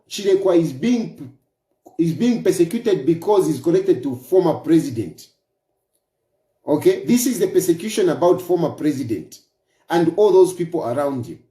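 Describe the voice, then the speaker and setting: A Zambian-accented man delivering an opinion monologue with a warm, mellow tone. His pitch swings widely as he presses his points again and again with rhetorical questions. The sound carries a noticeable room echo. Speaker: political commentator.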